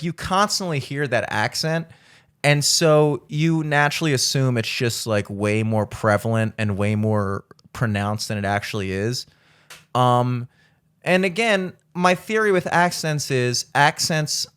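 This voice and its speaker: A man's voice: mid-range voice, measured pace, fairly bright tone, clean tone. Rambling, laughing man telling travel stories. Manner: rambling storyteller, swears freely, laughs often. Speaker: podcast co-host. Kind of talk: casual chat.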